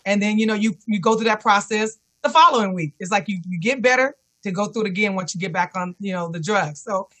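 Speaking quickly with hardly any pauses, this woman has a mid-range, fairly bright voice heard over a remote call connection. As a guest who survived cancer and now teaches fitness, she shares her story with an interviewer earnestly, frequently repeating words of self-encouragement.

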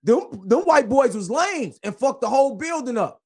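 A caller ranting emphatically on a live stream, at times shouting. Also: male voice, very high-pitched, sing-song, moderate pace. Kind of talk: heated call-in rant.

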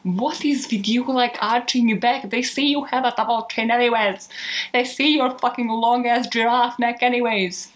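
Rambling, profane woman with a higher voice. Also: steady tone, moderate pace. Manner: rambling, profane, self-mocking with frequent laughs. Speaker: true crime podcast host. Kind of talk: casual outtakes chat. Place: at home.

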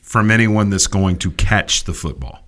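A man hosting a sports talk show, ranting in an animated, emphatic way with quick restarts. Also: lowish voice.

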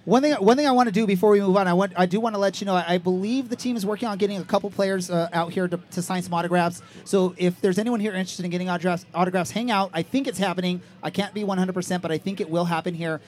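A man hosting a live pregame soccer talk show from a stadium. He asks questions in an energetic, hurried way. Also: high voice. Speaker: podcast host. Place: outdoors at a stadium.

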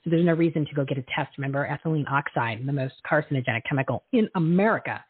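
A woman's voice: sits low, fast talker, breathy edge, dry recording. A woman hosting a talk show, chatting in a loose, opinionated way with many fillers. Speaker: host. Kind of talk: casual talk show monologue. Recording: tinny phone-like line.

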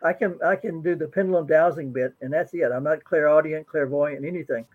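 An earnest man with a slightly high voice recounts his experience, repeating words as he gathers his thoughts. He comes through a thin, tinny, phone-like line. He speaks as an interview guest and co-author. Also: a little fast. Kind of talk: interview storytelling.

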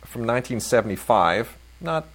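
A man's voice: medium pitch, lively intonation, normal speed. A man co-hosting a film podcast, chatting enthusiastically and rambling with many fillers about new releases.

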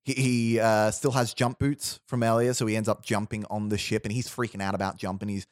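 Pitching a film idea, a podcast host with a lowish voice and level tone tells a long, casual story full of restarts, frequent laughs and quick asides. The recording is dry and studio quality.

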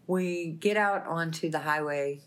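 A woman with a fairly low voice tells a lively story, acting out the lines of each person. She talks in a plainspoken, animated way as a guest on a talk show. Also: unhurried. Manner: animated, laughing, plainspoken retelling. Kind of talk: lively storytelling with quoted dialogue.

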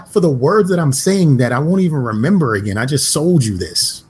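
A man's voice: medium pitch, animated, a little fast, few pauses, darkish tone, slight background noise. A man on a casual podcast, teasing his friends with dry quips. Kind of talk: casual chat.

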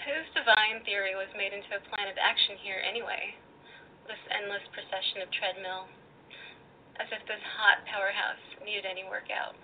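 A woman calling in to a radio show, reading her own story aloud in an expressive, teasing way. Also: mid-range voice. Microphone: phone. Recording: tinny phone line, faint noise.

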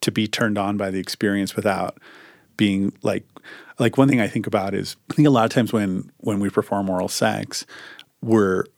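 A man's voice: fairly low pitch, moderate pace, creaky, no room sound, clean studio sound. A man co-hosting a podcast, chatting casually and rambling with lots of fillers and restarts. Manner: relaxed, rambling with many likes and restarts. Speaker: podcast co-host. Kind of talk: casual chat.

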